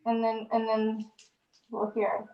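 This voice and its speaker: A woman's voice: on the high side, monotone, slow pace, dull audio. A woman co-hosting a casual chat show, directing the others and voicing complaints about the night. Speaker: co-host. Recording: roomy, slightly noisy mic.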